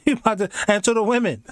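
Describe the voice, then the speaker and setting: A man's voice: high voice, a bit bright, no room sound. A man hosting a reaction video, talking candidly in a rambling way and laughing often. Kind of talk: casual reaction commentary.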